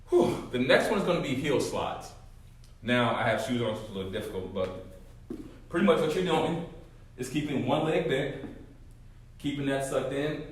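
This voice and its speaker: A male fitness coach with a mid-range voice walks listeners through a set of core exercises, frequently checking in with a quick "right?". The recording sounds like a very echoey room with the mic placed far away.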